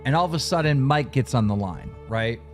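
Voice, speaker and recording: Profane, animated man with a lively voice. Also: medium pitch, fairly quick, faint music behind. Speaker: show host recounting a phone call. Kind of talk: heated storytelling on a talk show.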